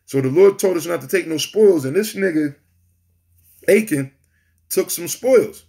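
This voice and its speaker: A man delivers a raw street sermon. His voice sits a bit high for a man, and he talks bluntly and profanely, full of defiance between scripture quotes. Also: animated, measured pace, creaky, mellow. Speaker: street preacher.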